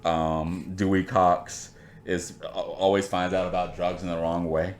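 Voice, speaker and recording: A man's voice: low voice, level tone, measured pace, roomy sound. A man hosting a podcast, chatting casually and laughing as he recalls film scenes. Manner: laid-back, laughing, quoting films. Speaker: podcast host. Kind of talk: casual chat.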